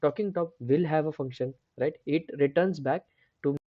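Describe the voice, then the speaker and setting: A man's voice: a little high, moderate pace, dry recording, muffled recording. A man hosting a coding tutorial, explaining step by step and checking in with repeated "right?" and restarts. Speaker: programming tutor. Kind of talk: screen-share coding tutorial.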